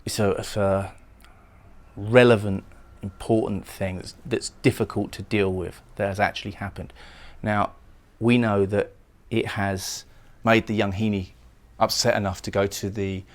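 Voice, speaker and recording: A man's voice: lowish voice, little pitch movement, unhurried. A man giving a recorded poetry lecture, explaining lines of a poem and often repeating words as he goes. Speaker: literature lecturer.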